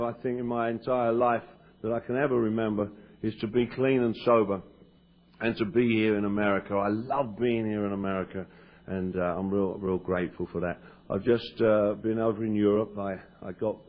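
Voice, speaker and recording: An Englishman giving a joking, self-deprecating talk to a recovery meeting, often stammering and restarting. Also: on the low side. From England. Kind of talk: humorous personal talk to an audience. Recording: lo-fi 1990s cassette tape.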